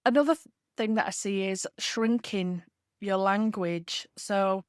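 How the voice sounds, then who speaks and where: A woman talks straight to listeners in a solo podcast, coaching them earnestly and leaning on key words. Her voice sits at a middle pitch. The sound is dry and close, with no room around it. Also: clear, resonant tone, no room sound. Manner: earnest, coaching tone with measured emphasis. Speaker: podcast host and leadership communication coach.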